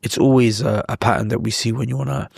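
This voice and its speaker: A man hosting an interview, asking measured questions with some stumbles. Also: mid-range voice, steady tone, vocal fry, a little mellow, breathy edge, dry recording, clean studio sound. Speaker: interview host.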